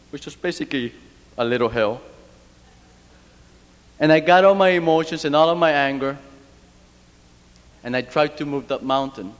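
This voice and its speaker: A man from Cuba giving an earnest, reflective personal talk, with fillers and restarts. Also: on the high side. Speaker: speaker. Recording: long reverb of a hall.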